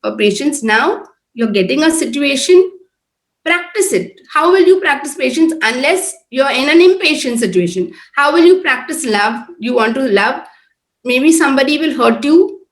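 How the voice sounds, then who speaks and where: Earnest higher-voiced woman preaching. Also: animated, moderate pace. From Oman-based, Indian. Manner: earnest, conversational, repeats tag questions. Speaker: prayer group speaker. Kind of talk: informal sermon talk. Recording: echoey room.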